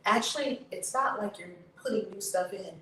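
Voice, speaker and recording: Woman, guided tapping coach, drawn-out breathy affirmations, faint background noise. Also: mid-range voice, pushed and bright. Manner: slow drawn-out chanted affirmations, breathy and emphatic. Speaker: YouTube host leading a tapping session. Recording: echoey room, distant mic, faint noise.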